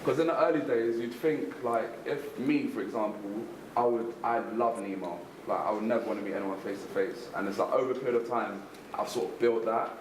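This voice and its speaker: A man's voice: lowish voice, fairly quick, few pauses, echoey room, background noise. A man, a guest entrepreneur, answering questions in an informal, slangy way that runs through false starts. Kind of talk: casual conversational talk.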